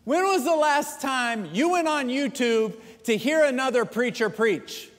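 A man's voice: very high voice, a little slow, pitched above the performer's own voice. A man voicing a stern, exasperated father who fires blunt questions at his grown son, in an echoey hall. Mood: stern scolding.

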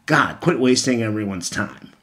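A man's voice: mid-range voice, expressive, normal speed, a bit bright. A young man giving a casual vlog rant on the news, blunt and sarcastic, swearing freely. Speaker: political commentator.

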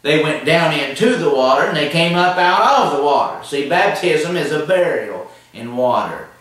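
A man's voice: fairly high pitch, big pitch swings, normal speed, fairly bright tone, recorded from a distance. Man, preacher, emphatic sermon, rhetorical questions, very echoey room. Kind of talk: televised sermon.

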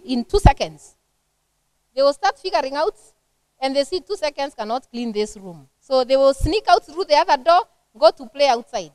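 A middle-aged woman with a Kenyan accent giving a lively, conversational seminar talk on parenting to a church women's group, acting out everyday family scenes. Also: sits high, normal speed, dry recording.

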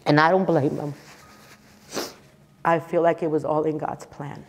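A woman's voice: deep voice, flat delivery, normal speed, long pauses, long reverb tail. A woman in her fifties giving an emotional personal testimony, earnest and repeating phrases for emphasis. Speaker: church speaker sharing her testimony.

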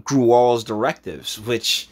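Husky young man ranting casually. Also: takes it slowly. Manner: animated, jumps into high mocking voices when quoting. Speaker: commentary vlogger. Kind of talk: casual political commentary and article reading.

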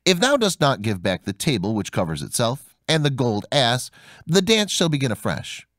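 A boastful young craftsman from a fairy tale speaks, put on by a male narrator. He talks with measured pride and lively inflection. The sound is close and dry. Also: mid-range voice, dry recording. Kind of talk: storybook narration.

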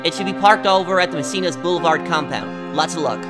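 A man voicing a gruff, scheming middle-aged mafia boss with a put-on New York mobster accent, brash and condescending. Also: a little high, quick pace, over music, lightly acted. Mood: brusque.

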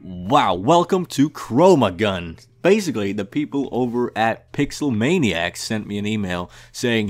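A man's voice: lowish voice, sing-song, a little slow, hardly any pauses. A young man giving comedic, mock-arrogant gameplay commentary, brash and swearing often. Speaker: gaming youtuber.

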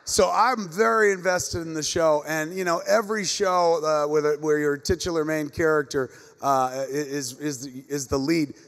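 Middle-aged man telling profane stories in an echoey hall. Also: on the high side. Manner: animated, profane, rambling anecdotes. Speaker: panel moderator. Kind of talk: comedic storytelling to a live audience. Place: comic convention panel stage. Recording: echoey convention hall with long reverb.

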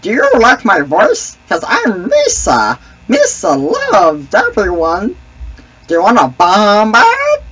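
A man's voice: high-pitched, huge pitch swings, takes it slowly, sharp tone, slightly rough, muffled recording, full character voice. A young man voicing a goofy, clumsy male alien sidekick in a squawky, cracked voice with broken grammar, taunting other players. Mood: silly. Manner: taunting, trash-talking.

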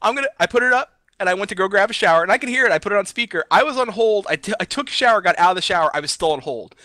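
A man's voice: sits high, racing, no echo. A man co-hosting a gaming podcast, telling a story in casual, exasperated rants broken up by laughter. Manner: animated, exasperated ranting punctuated by laughter. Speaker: podcast co-host.

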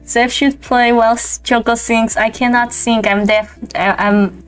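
Gushing, high-voiced woman streamer. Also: clear, resonant tone. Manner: gushing, excitable, quick to laugh. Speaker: streamer host. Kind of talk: casual livestream chat. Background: faint lo-fi background music.

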